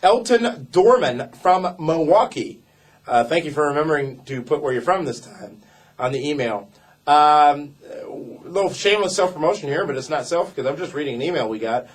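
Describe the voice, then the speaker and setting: A man's voice: a little high, lively intonation, moderate pace. A man co-hosting a casual wrestling show, reading viewer emails aloud with playful emphasis. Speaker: co-host reading viewer mail. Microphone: desk mic.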